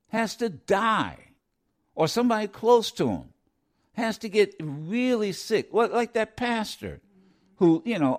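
A man hosting a live radio talk show, rambling with many fillers and restarts, blunt and opinionated. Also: high-pitched.

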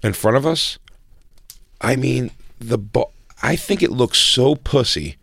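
A man's voice: medium pitch, lively intonation, takes it slowly, creaky, fairly bright tone, dry recording. Rambling, profane man in casual banter. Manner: rambling, profane, acts out quoted voices. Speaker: podcast co-host. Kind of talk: casual comedic chat.

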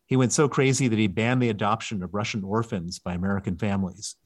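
A man's voice: fairly low pitch, fast. A man speaking as an author guest in an interview, explaining emphatically and stressing key words. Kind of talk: interview answers.

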